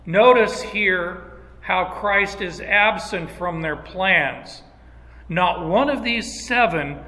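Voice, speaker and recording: Guy preaching slow and chatty with folksy asides, kinda high voice, long echoey church hall. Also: bright, forceful tone. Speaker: pastor. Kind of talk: expository sermon. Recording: long reverb of a large hall.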